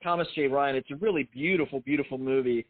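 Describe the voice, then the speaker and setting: A man's voice: mid-range voice, fast talker, no room sound. A middle-aged man, a film writer and director, talking casually in an interview, rambling and self-deprecating with many restarts. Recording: tinny phone-like line.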